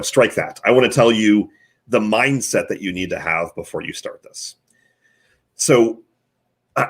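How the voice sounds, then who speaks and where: A man with a husky, somewhat low voice coaches a guest through numbered tips on the live online chat he hosts. As a marketing consultant, he comes across as sincere and unscripted.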